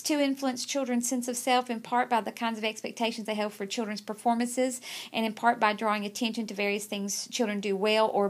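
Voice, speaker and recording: A middle-aged woman teacher giving a recorded video lecture, conversational, with many fillers and restarts. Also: a little high.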